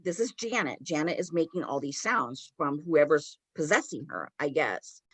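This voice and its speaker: Woman podcaster telling a spooky story, lowish voice, dry close mic. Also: moderate pace, no echo. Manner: animated retelling, lots of "like". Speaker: podcast co-host. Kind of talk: casual storytelling chat.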